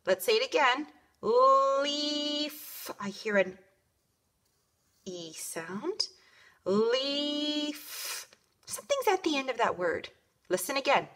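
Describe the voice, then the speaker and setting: A woman kindergarten teacher giving a home lesson to young children, sounding out words slowly. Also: fairly high pitch, bright, forceful tone. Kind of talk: home learning video lesson.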